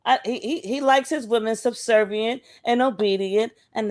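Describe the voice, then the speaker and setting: A woman with a fairly high voice chats casually on a live stream over a remote call. She is blunt and profane, and she tells her stories with a lot of animation. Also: normal speed, few pauses.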